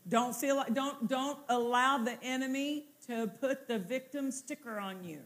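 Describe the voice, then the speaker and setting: Casting: woman preacher, high voice, emphatic and repetitive. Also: measured pace. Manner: repetitive, building to exultant shouts. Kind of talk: sermon.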